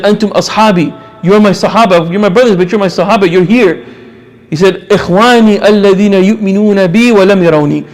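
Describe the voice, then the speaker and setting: A man giving an impassioned religious lecture, repeating phrases for emphasis. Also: sits high.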